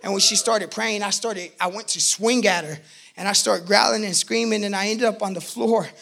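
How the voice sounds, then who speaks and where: A man telling his personal faith testimony in an animated way, acting out the voices in his story and bursting out loud at times. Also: high voice, normal speed, gravelly. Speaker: testimony speaker.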